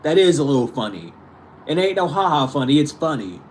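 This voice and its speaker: A man's voice: on the high side, big pitch swings, fairly quick, darkish tone, a little hiss or hum. A young man hosting his channel, ranting casually with exasperation, frequent swearing and laughter. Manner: exasperated, profane, laughing often. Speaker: spiritual channel host.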